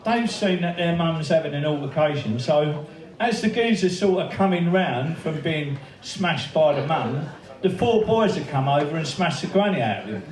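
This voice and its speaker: A man tells stories to a crowd in a pub, laughing and swearing as he acts out the other people's lines. His voice sits fairly high, and it carries through a roomy, echoing space from a distance away from the mic. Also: expressive, normal speed, darkish tone. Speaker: speaker at a memorial birthday event. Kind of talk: anecdotal speech to a crowd. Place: pub function room. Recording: echoey room, heard from a distance.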